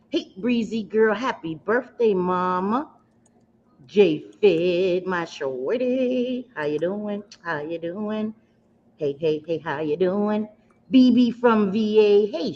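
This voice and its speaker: A woman's voice: fairly low pitch, darkish tone, a little hiss or hum. Chatty woman hosting a makeup livestream. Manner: chatty, affectionate greetings to viewers; rambling, self-mocking. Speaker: beauty livestream host. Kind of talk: casual livestream chat while doing makeup. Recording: slightly dull lo-fi livestream audio.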